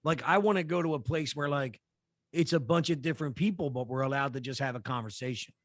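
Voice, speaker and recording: A man on a podcast, spinning a loose story in casual chat. He rambles, restarts sentences and swears freely, in a voice of ordinary pitch. The sound is dry and close, with no room around it. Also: quick pace, dry recording. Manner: rambling, profane, many fillers and restarts. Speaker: podcast co-host.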